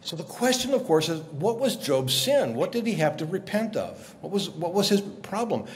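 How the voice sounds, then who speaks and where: A man, a guest journalist, explaining scripture in a lively conversational way, acting out quotes as he tells the story. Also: high voice, moderate pace, a little hiss or hum. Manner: animated storyteller, acts out quotes. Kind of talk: conversational Bible teaching.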